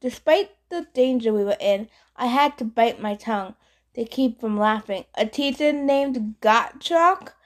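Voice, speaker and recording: Brief: woman audiobook reader, slightly high voice, easygoing first-person narration. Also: animated, a little slow. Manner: casual first-person storytelling. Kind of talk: scripted narration.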